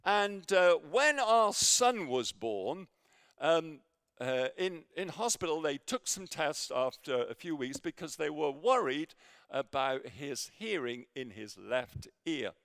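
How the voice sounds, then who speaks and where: A man preaching a sermon with a personal story, halting with many fillers and restarts, sometimes dropping to near a whisper. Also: a little high, very animated, clean tone, dry recording, clean studio sound. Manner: drops to near whisper in quiet moments.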